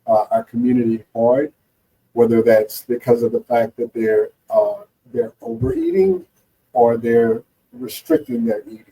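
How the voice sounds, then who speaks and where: A man's voice: medium pitch, gravelly, dark tone, recorded from a distance, slight background noise, rough recording. A man with a Southern US accent, a therapist guest speaking in an interview, earnest and hesitant with many fillers. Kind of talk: casual interview chat.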